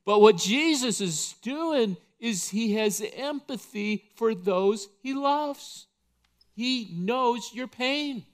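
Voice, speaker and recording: A man's voice: very high voice, animated, takes it slowly. A male pastor delivering an impassioned, emphatic sermon in church.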